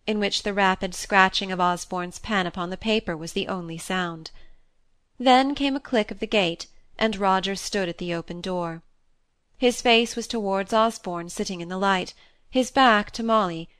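A woman reading a classic novel aloud as an audiobook narrator, in a measured, even manner. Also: mid-range voice, clear, resonant tone, dry recording.

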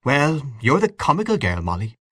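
A kindly married woman, as a male narrator voices her, speaking gently with a persuading lilt. Her voice rises and falls freely, recorded close and dry. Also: a little high, wildly swooping pitch, normal speed, no room sound, voice pushed up, full character voice. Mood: persuasive.

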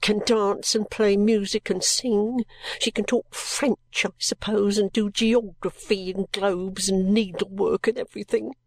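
A woman's voice: medium pitch, steady tone, a little slow, no room sound. Female reader voicing a sulky, resentful teenage girl, blunt and gloomy, dry close read. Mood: grudging.

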